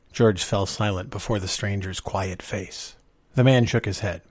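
A man reading a short story aloud in a measured, expressive way, with a husky voice. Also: lowish voice, no echo, clean studio sound.

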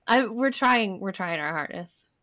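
A woman's voice: medium pitch, animated, unhurried, bright, forceful tone. A young woman co-hosting a podcast, reading history notes aloud in a casual way and stopping for wry asides. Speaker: podcast co-host.

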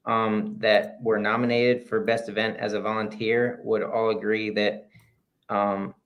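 A man co-hosting a podcast in casual chat, easygoing and pausing often with fillers. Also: on the low side. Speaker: podcast co-host.

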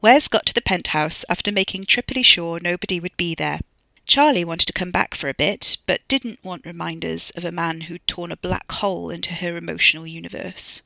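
A woman reading her own serial fiction with expressive storytelling. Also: lowish voice, normal speed, gravelly, no echo. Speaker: narrator. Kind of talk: scripted fiction narration.

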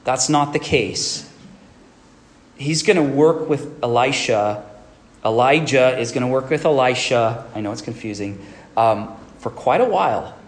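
A male pastor giving an earnest sermon who often checks in with a quick "right?". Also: medium pitch, expressive.

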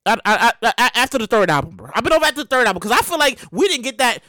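A woman's voice: a little high, very animated, very fast, sharp tone, dry recording, clean studio sound. A woman hosting a podcast, talking casually and animatedly, cursing freely and acting out scenes with big exaggerated outbursts. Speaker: podcast host. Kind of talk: casual commentary monologue.

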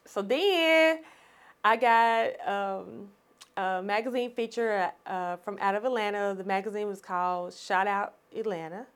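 A woman, a podcast guest telling her story in an animated, expressive way and laughing often. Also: medium pitch, a little slow, smooth. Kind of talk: storytelling in conversation.

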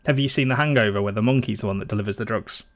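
A man's voice: on the low side, rapid-fire. A man co-hosting a casual podcast from a home mic. He rambles and swears freely, laughing along the way. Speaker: podcast co-host. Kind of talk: casual chat.

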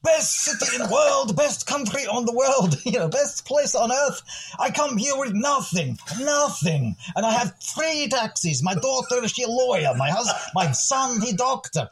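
A man's voice: very high voice, very animated, unhurried, breathy edge, pitched above the performer's own voice, full character voice. A man voicing an effusive immigrant taxi driver who speaks broken English and brags about his success. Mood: boastful. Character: boastful immigrant male New York taxi driver.

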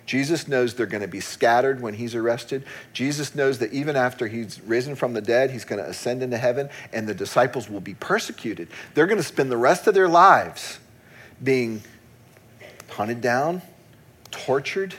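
Husky-voiced middle-aged male pastor preaching. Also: mid-range voice. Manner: candid, self-deprecating storytelling with frequent laughs. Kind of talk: sermon.

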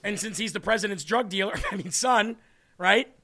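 A man's voice: high voice, normal speed, pushed and bright. A male political talk show host giving sarcastic, mocking commentary with frequent laughter. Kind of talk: opinionated commentary.

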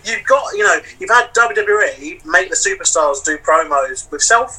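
A man chats loosely as a podcast guest, leaning on fillers and looping back on his points. His voice is sharply bright and slightly husky. He sits back from the mic, so he sounds distant over the video call. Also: high voice, expressive, moderate pace. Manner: rambling, heavy on fillers like "you know". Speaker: wrestling promoter and wrestler. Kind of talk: casual podcast chat.

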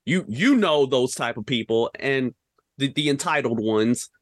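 A man's voice: medium pitch, expressive, measured pace, no room sound, studio quality. A young man co-hosting a podcast, ranting animatedly about films with slang and rhetorical questions. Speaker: podcast co-host. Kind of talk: casual film-review rant.

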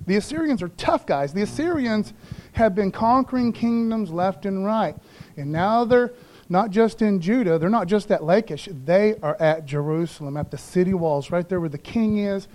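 A man's voice: high-pitched, darkish tone. A man pastor preaching a conversational sermon in slangy everyday talk, calling for responses from the congregation.

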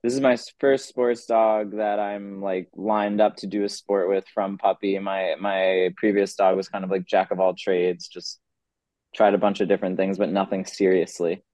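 A man hosting a podcast interview, talking in a relaxed, conversational way about his own dog training. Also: low-pitched, normal speed, no echo. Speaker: podcast host and dog sport handler. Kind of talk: casual interview chat.

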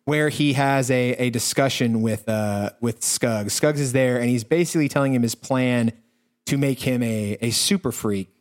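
A man's voice: mid-range voice, moderate pace. A man co-hosting a podcast, recapping a film in a casual, rambling, profane way, full of fillers and restarts. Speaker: podcast co-host. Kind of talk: casual movie-recap chat.

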